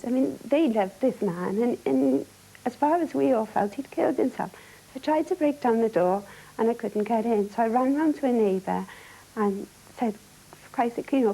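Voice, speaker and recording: Welsh woman, gravelly, hushed testimony. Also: expressive, poor audio. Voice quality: low-key, halting, with many restarts. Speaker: domestic abuse survivor. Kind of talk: personal testimony.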